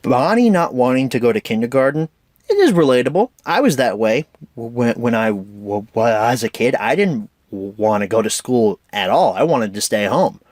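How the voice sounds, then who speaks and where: A man's voice: medium pitch, lively intonation, moderate pace, darkish tone, no echo, clean studio sound. A man giving an enthusiastic, opinionated casual film review as host of his own show.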